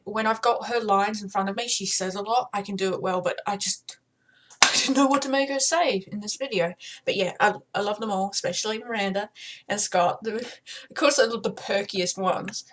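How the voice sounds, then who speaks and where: A young Australian woman chatting casually and excitedly about the voices she does, swearing freely. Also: medium pitch. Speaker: video creator. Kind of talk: casual chat.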